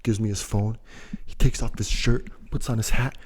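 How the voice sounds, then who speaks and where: A man's voice: lowish voice, steady tone, moderate pace, a little mellow, breathy edge. A young man telling a story in a casual, rambling, slangy, laid-back way.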